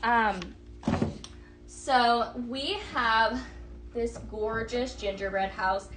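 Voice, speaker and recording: A woman's voice: a little high, drawn-out words, a bit bright, slight background noise. A woman hosting a casual live shopping stream, chatty and gushing, talking to viewers and reading their comments aloud. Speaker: livestream sales host.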